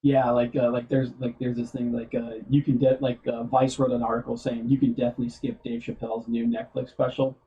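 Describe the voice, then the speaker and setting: A man's voice: medium pitch, level tone, a little fast, hardly any pauses, highs cut off. A man hosting a casual streamed chat show, rambling with lots of fillers and laughing often. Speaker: podcast host.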